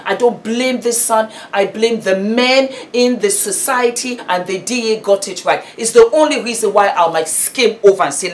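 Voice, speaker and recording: Impassioned British woman commentator. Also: mid-range voice. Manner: emphatic, preachy, repetitive.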